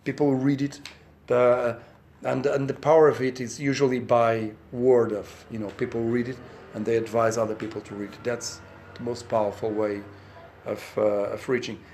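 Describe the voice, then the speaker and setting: A man's voice: mid-range voice, level tone, normal speed, darkish tone, slight background noise. Portuguese-accented man, chatty storyteller. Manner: chatty, explains through anecdotes and examples. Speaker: author at a press conference. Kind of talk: conversational explanation in English. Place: press conference room.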